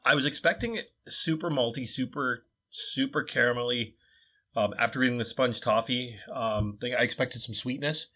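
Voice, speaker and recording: Descriptive young co-host, bright tone, easy casual chat. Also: male voice, medium pitch, moderate pace. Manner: thoughtful, descriptive. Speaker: beer review co-host.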